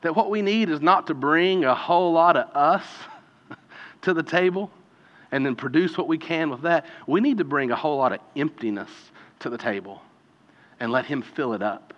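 A man's voice: a little high, normal speed, a bit bright. A man preaching a conversational sermon as a pastor, talking casually and then building to emphatic peaks. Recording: dull lo-fi sound with long hall reverb.

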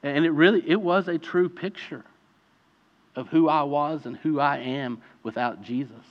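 Preacher telling a story in an echoing hall. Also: male voice, on the high side, measured pace. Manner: storytelling, building to impassioned preaching. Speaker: pastor. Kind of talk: sermon. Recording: reverberant hall, dull lo-fi sound.

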